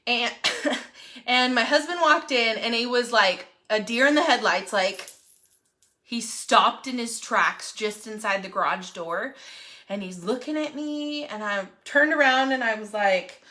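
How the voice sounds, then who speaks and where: A woman tells a personal story in casual, animated chat. Her voice is bright and sits a little high. She keeps checking in with her listeners. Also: slow, long pauses. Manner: chatty, animated, keeps asking "right?". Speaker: real estate agent.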